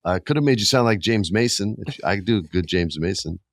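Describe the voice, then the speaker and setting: A middle-aged man hosting a casual podcast, animated and jokey, often jumping his pitch for emphasis. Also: fairly quick, dry recording. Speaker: podcast host.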